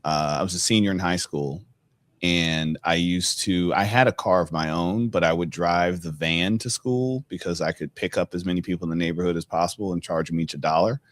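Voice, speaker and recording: A man's voice: low voice, a little fast, no echo. A middle-aged man hosting a podcast, telling a personal story in a casual, conversational way with lots of fillers. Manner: conversational, many fillers, animated when retelling. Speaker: podcast host.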